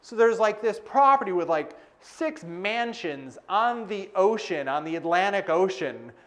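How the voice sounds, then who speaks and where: Man, high-pitched, live motivational talk, casual storytelling, chatty host. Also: expressive, a little slow, a bit bright. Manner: chatty storytelling, frequent "like" and "right?". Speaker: business coach speaker.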